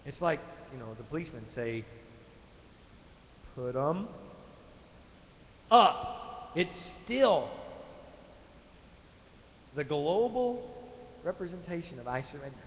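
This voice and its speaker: A man preaching a sermon, swinging from loud emphatic lines to quiet ones, in a church sanctuary. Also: a little high, very animated, unhurried, pauses often, slight background noise. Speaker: pastor. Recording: echoey church hall, dull live stream.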